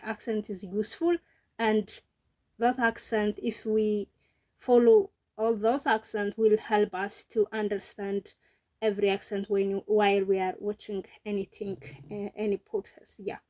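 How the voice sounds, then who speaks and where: A woman's voice: medium pitch, darkish tone. A woman learning English, talking casually to camera and giving earnest advice, with many fillers and restarts. English is not her first language.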